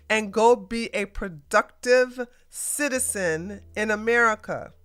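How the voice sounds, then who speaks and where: Blunt, ranting woman host with a crisp voice. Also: medium pitch, slow pace, hardly any pauses, fairly bright tone, soft background music. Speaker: podcast host. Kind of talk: casual livestream political commentary.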